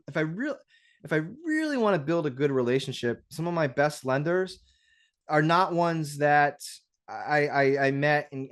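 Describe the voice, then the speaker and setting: A man coaching an audience on a livestream. He talks in an animated, conversational way, restarting sentences and tagging on "right?". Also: mid-range voice. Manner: animated, conversational, acts out dialogues; frequent restarts and rhetorical "right?". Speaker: real estate investing coach. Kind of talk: livestream teaching talk.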